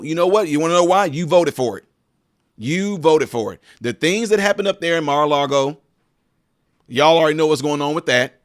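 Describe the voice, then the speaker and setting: A high-pitched man hosts a live-stream political commentary. He talks in an emphatic, preachy way and aims it straight at his viewers.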